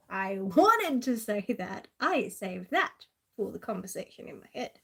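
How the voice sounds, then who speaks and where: A woman's voice: mid-range voice, big pitch swings, measured pace, vocal fry, fairly bright tone, husky. A woman with an Australian accent chatting casually and sarcastically on a live stream, laughing often.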